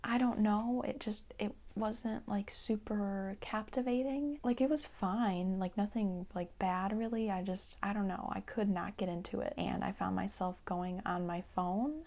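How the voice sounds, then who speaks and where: A woman vlogger chatting casually about an animated movie, rambling a little, laughing easily and slipping into whispered asides. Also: mid-range voice. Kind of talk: casual movie review chat.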